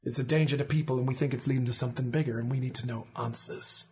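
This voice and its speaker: A man voicing a brisk, matter-of-fact female spirit detective with a scolding edge. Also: mid-range voice, steady tone, darkish tone, close to an everyday voice.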